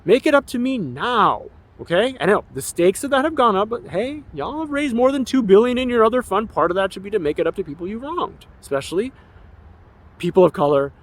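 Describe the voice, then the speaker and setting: An activist and filmmaker in his forties delivers an emotional, rambling documentary monologue about his own life in an aggrieved tone. His voice is high, animated and a little fast.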